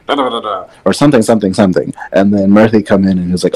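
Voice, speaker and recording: A man's voice: lowish voice, fairly even intonation, racing, few pauses, a little mellow. A man co-hosting a casual wrestling chat podcast, rambling and opinionated, speaking from a distance away from his microphone. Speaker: podcast co-host. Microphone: far from his mic.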